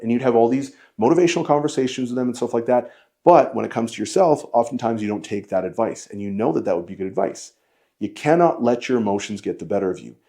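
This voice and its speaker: A man's voice: medium pitch, dark tone. A man giving a coaching lesson on dieting and training, talking bluntly and emphatically to his viewers. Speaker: fitness coach. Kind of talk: direct-to-camera coaching lesson.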